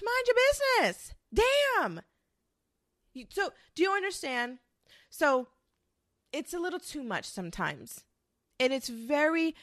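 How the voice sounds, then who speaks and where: Sassy young woman venting to camera, profane and animated, dry close recording. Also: a little high, no room sound. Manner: sassy, profane, animated storytelling with mocking quoted voices. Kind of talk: ranting commentary monologue.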